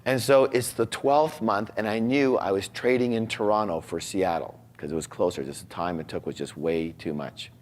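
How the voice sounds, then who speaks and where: A man in his forties telling an emotional personal story, acting out the dialogue and dropping into hushed asides. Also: fairly low pitch, moderate pace, few pauses. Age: 40s.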